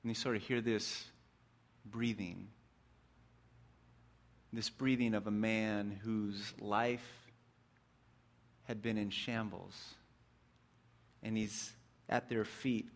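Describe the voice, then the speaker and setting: A man preaching a sermon, retelling a story vividly, swinging between excited bursts and hushed, reflective passages. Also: fairly low pitch.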